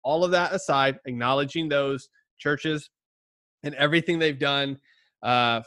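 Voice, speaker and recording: A man's voice: mid-range voice, measured pace, pushed and bright, no room sound. A man co-hosting a podcast about church, chatting casually and joking, with rambling restarts. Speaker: podcast co-host, pastor. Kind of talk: casual chat.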